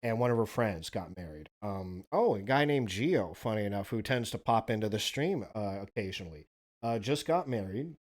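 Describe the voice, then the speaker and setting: A man's voice: on the low side, lively intonation, normal speed. A man in his thirties hosting a podcast, telling rambling, profane stories in a casual monologue. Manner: rambling, profane, laid-back. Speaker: podcast host.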